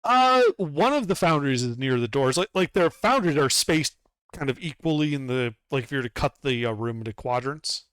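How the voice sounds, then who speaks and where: A man running a tabletop game as game master, describing scenes in a relaxed, rambling way. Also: medium pitch, moderate pace, smooth, dry recording. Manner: relaxed, rambling, lots of fillers.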